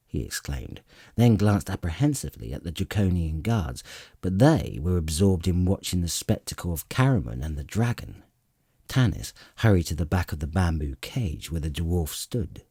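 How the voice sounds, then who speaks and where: A man narrating a fantasy novel as an audiobook reader, in a measured, expressive way. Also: sits low, husky, no echo, clean studio sound.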